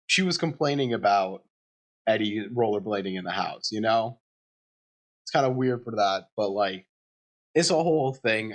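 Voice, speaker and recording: A man co-hosting a podcast, chatting casually and giving blunt opinions on a movie. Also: on the low side. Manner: casual, opinionated remarks with mild swearing. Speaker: podcast co-host. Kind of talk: casual movie recap chat.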